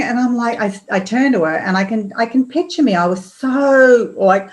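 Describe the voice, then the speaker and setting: A middle-aged woman, a podcast guest telling personal stories in a lively way, acting out what people said. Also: a little high, normal speed, few pauses, poor audio. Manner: animated, acts out quotes with laughs. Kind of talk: casual storytelling interview.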